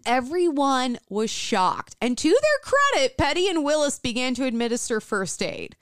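A young adult woman hosting a podcast, telling a story in casual chat, animated, swearing freely and often breaking into laughter. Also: high voice, normal speed, clean tone, dry recording, studio quality.

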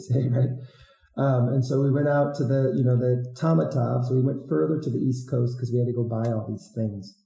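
A man who served as a volunteer teacher, telling stories in a relaxed, rambling way with many fillers and restarts. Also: medium pitch, gravelly. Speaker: former Peace Corps volunteer teacher. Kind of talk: casual storytelling interview. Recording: roomy echo.

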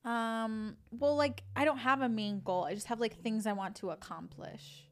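A woman's voice: on the high side, fairly even intonation, normal speed. A woman co-hosting a podcast, chatting casually, laughing often and talking in loose, filler-heavy sentences. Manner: giggly, chatty, lots of fillers. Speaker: podcast co-host. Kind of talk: casual chat.

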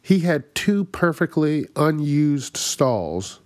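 A man's voice: a little high, very animated, slow pace, darkish tone, no echo, clean studio sound. A man hosting his own comedy podcast, ranting in exasperated, profane bursts and laughing at his own jokes. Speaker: podcast host. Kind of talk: solo comedic rant.

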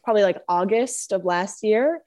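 A woman's voice: mid-range voice, moderate pace, mellow. A woman chatting on a podcast in a laid-back, self-deprecating way. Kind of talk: casual podcast chat.

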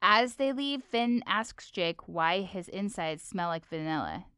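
A woman co-hosting a podcast, recapping a cartoon episode in an expressive, animated way. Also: on the low side, measured pace, clear, resonant tone, dry recording, studio quality. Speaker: podcast co-host. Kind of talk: casual episode recap chat.

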